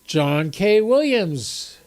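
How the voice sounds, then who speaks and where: A man's voice: high voice, very animated, very slow, a little mellow. An older man hosting a ham radio livestream from home, rambling casually to his chat viewers and sounding a little stuffy with a cold. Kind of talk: casual live-stream chat. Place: home room, seated on camera.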